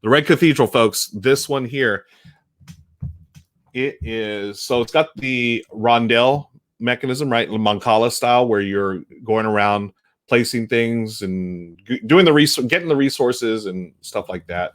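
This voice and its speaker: A man's voice: mid-range voice, unhurried. A man hosting a casual live-stream, chatting to viewers while unboxing board games, rambling with restarts. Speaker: board game streamer and host.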